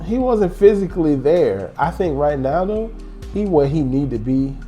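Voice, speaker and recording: A lively male host talks through his team's season in loose, joking banter. His pitch leaps around and sits a bit high for a man. The tone stays soft and mellow rather than bright. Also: normal speed, soft background music. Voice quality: animated, rambling, joking banter. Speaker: sports vlog host. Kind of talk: casual fan commentary.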